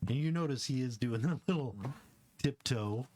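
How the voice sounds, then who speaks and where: A man's voice: mid-range voice, moderate pace, darkish tone. Guy dming a tabletop game, casual and jokey, regular mid voice. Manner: loose and jokey, with many fillers and laughs. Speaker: game master.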